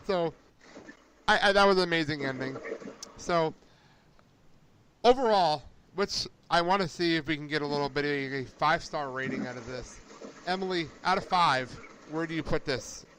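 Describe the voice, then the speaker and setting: A young man hosting a casual podcast chat, excitable and quick to laugh as he tells stories. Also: fairly high pitch, a little hiss or hum. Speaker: podcast host.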